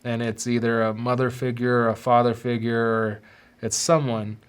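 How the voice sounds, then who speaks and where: Halting male podcast host opening up. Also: mid-range voice, little pitch movement, clean tone. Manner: halting, repeats words while searching for them. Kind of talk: confessional personal monologue.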